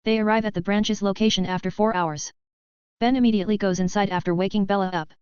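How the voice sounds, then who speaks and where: Smooth-voiced woman reading a fanfic novel. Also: mid-range voice, steady tone, quick pace, darkish tone, no echo. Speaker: audiobook narrator. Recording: dull, lo-fi, dry sound.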